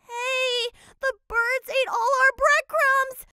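A woman voicing an eager young girl twin in a cartoon who exclaims excitably. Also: extremely high pitch, takes it slowly, no room sound, clean studio sound, pitched above the performer's own voice, exaggerated voice. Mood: excited.

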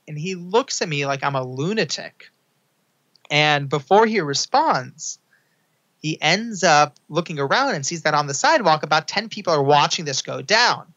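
Young male guest storyteller, bright forceful voice, dull lo-fi sound, acts out quotes. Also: normal speed. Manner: acts out quotes in a high excited voice. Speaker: podcast guest, author. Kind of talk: animated storytelling.

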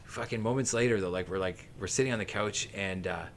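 A man's voice: fairly low pitch, brisk, a little hiss or hum. A man in his late thirties from southern Ontario, a guest musician telling a long story on a podcast in a rambling, profane way, full of fillers and laughter.

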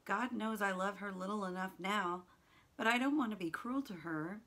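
Woman reading a determined young man, firm and measured. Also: mid-range voice, fairly bright tone. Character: determined young man refusing to be held back.

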